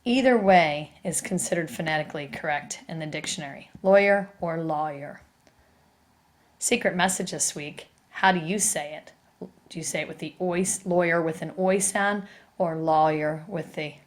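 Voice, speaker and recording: A woman's voice: sits low, moderate pace. A woman teaching a recorded spelling lesson, explaining each step patiently and asking her students questions.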